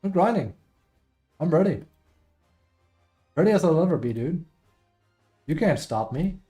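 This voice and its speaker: A man's voice: fairly high pitch, animated, measured pace, dark tone, soft background music. Rambling streamer man chatting with viewers. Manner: rambling, self-deprecating, reads chat aloud. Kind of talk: casual chat with stream viewers.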